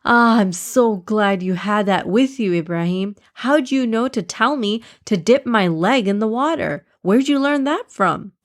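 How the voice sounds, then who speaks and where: A woman's voice: mid-range voice, animated, measured pace, few pauses, close to an everyday voice. A woman voicing a young boy who is cheerful and grateful in a children's storybook. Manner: wincing, grateful.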